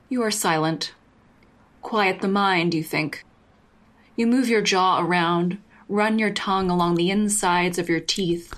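A woman narrating a second-person story in a steady, even delivery. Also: lowish voice, a little slow.

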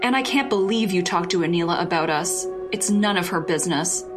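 A woman voicing a drunk, clingy young woman whose voice goes high and breaks as she pleads. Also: animated, brisk, music in the background, natural voice. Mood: accusing.

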